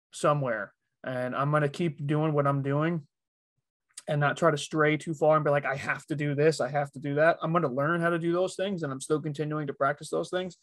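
A man's voice: a little high, dry recording. A man who works as a voice actor talking casually on a podcast, rambling a little with lots of fillers. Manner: relaxed, rambling, many fillers. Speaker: voice actor guest.

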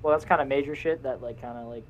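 A man's voice: medium pitch, fast talker, a crowd in the background, rough recording. A young man co-hosting a casual podcast, rambling and cutting himself off, laughing often. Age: young adult. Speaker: podcast co-host. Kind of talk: casual chat.

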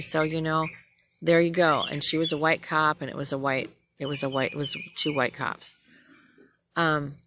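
A woman's voice: low-pitched, creaky, bright, forceful tone, a little hiss or hum. A middle-aged woman, a nurse, bluntly ranting and telling a story in a profane personal vlog.

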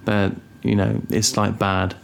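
A young man co-hosting a casual podcast, rambling and teasing with deadpan asides. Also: on the low side, a little slow, vocal fry, smooth. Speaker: podcast co-host. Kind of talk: casual chat.

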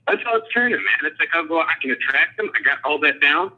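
A man in his late forties calling in to a podcast, nervous and rambling, his words rushing out. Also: a little high, sing-song, husky. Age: 40s. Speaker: caller. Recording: muffled phone line.

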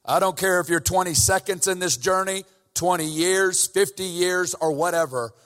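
A man's voice: high voice, moderate pace, a bit bright, faint music behind. A man preaching a sermon in a church, talking casually at first and then building to fervent emphasis. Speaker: guest preacher. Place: church sanctuary. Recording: church hall reverb.

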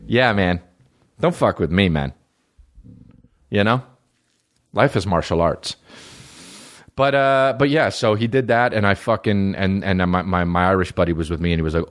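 Profane, animated man ranting on a podcast. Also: moderate pace. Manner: profane, swings between loud high bursts and low mumbles. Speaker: podcast host. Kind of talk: solo comedic podcast rant.

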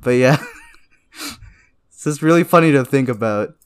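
A man's voice: mid-range voice, expressive, moderate pace, clean tone. A young man co-hosting a podcast, chatting casually at night, rambling, swearing freely and laughing often. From immigrated to Canada young. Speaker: podcast co-host. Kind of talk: casual late-night chat.

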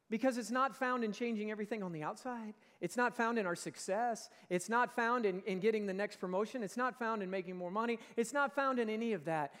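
A man delivers a sermon from the pulpit, driving his points home with emphatic bursts and then easing off. His voice sits high for a man. The long reverb of a church sanctuary trails behind every phrase. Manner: emphatic preaching, rising and falling in force. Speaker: pastor.

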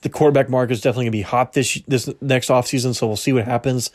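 A young man running through rankings on his own sports podcast in loose, casual talk. He trips over words and corrects himself as he goes, and his voice sounds a little strained. His pitch sits in an ordinary middle range. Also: steady tone, racing, darkish tone. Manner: casual, rambling, self-correcting, laughs at himself. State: slightly strained voice. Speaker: podcast host.

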